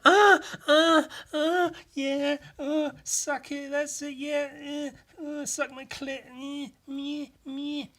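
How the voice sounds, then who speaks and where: Breathy over-the-top moaning woman, a guy faking it, way high. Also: flat delivery, slow, hardly any pauses, pushed and bright, exaggerated voice. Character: woman moaning in a porn video.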